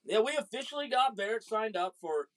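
A man's voice: high voice, fairly quick. Dad on a home podcast, goofy storyteller, acts out the people in his stories. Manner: animated, jokey, acts out voices in stories. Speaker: podcast host, father. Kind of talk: casual storytelling chat.

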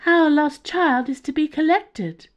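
A woman reading a story and voicing a glowing red-skinned alien delegate, high-pitched and flat in a commanding way. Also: unhurried. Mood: imperious. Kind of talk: audiobook character voice.

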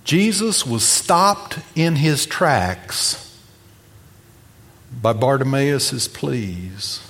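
A man preaching a sermon, animated as he tells a story, acting out the people in it. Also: medium pitch, drawn-out words, long reverb tail. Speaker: pastor.

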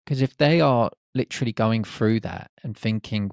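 A man hosting a reflective solo podcast, speaking in short, unhurried phrases. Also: fairly low pitch, creaky, a little mellow, no room sound, clean studio sound. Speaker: podcast host.

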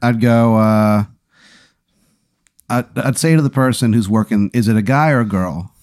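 A man's voice: mid-range voice, moderate pace, darkish tone. A man co-hosting a casual comedy chat, easygoing, with stammering restarts. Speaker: co-host.

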